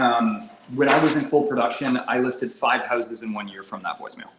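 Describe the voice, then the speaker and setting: Energetic male sales trainer in echoey room. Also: medium pitch, fairly quick, few pauses. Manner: energetic, demonstrates phone scripts with exaggerated tone. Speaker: real estate sales trainer. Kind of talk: casual team training session. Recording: echoey room, faint background hum.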